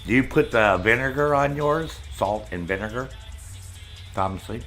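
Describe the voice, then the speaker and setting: A man's voice: mid-range voice, animated, moderate pace, a bit bright, soft background music. A middle-aged man hosting a casual chat with viewers, telling rambling stories full of swearing. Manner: profane, rambling storyteller. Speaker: streamer host. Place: Maine, United States.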